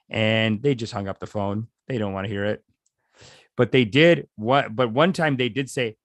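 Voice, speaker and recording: A man's voice: fairly low pitch, normal speed, no echo, studio quality. A man leading a live meditation session, talking in a rambling, casual way and reading viewer comments aloud. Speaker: meditation teacher. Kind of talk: casual livestream meditation talk.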